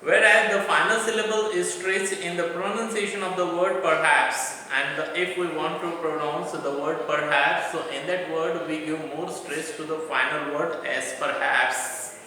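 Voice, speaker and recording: A man from India teaching a college English lesson, explaining terms slowly and often restarting or repeating words. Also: fairly high pitch, steady tone, pushed and bright, slight background noise. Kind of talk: classroom lecture. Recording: echoey room, from a distance, faint ambience.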